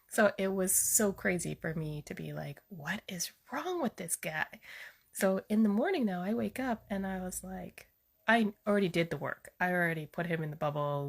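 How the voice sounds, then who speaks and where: A woman's voice: mid-range voice, gravelly. A woman speaking as a spiritual healer, telling stories in a casual, chatty way with frequent fillers. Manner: chatty, storytelling, many fillers. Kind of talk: casual spoken monologue.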